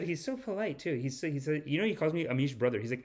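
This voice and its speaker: A man hosting a comedic podcast monologue, rambling and animated, sometimes slipping into a mock spiritual-guru pitch. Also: fast talker, hardly any pauses. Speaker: podcast host.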